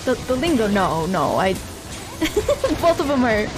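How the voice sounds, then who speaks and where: A woman's voice: medium pitch, very animated, measured pace. A woman streamer chatting casually with her viewers while she plays a game, giggling often and sounding a little stuffy-nosed. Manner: giggly, answers chat between game moments. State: stuffy nose. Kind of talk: casual live-stream chat while playing. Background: game music.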